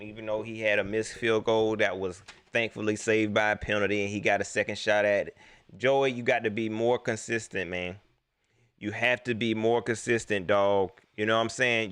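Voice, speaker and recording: Young male stream host, casual and lively, mid-range voice. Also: mid-range voice, clean tone. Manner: animated, laughs often, talks straight to the chat. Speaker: live-stream sports show host. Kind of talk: casual post-game commentary to live chat.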